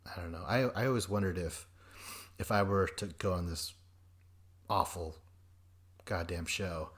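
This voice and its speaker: A man hosting a podcast, recapping a reality show in a rambling, profane way and acting out quoted people in quick voices. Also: low-pitched, a bit bright. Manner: rambling and profane, jumps between notes. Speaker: podcast host.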